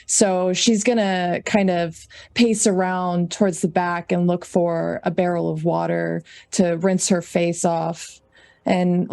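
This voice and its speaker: A woman player describing her character at a tabletop role-playing game, unhurried and full of small pauses. Her voice is low, gravelly and fairly flat, and the recording is dry and close. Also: no room sound. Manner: unhurried, with many ums and pauses.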